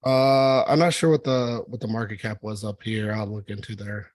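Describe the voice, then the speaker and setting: Casting: man, lowish voice, dry close mic, casual trading-meeting host, rambling and laid-back. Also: normal speed, dry recording. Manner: relaxed, rambling, frequent fillers. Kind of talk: casual market discussion.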